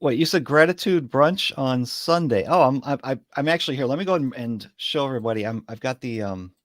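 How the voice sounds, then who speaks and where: Relaxed male livestream host. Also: mid-range voice, no echo, clean studio sound. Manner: relaxed, halting, with many fillers. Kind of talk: casual livestream chat.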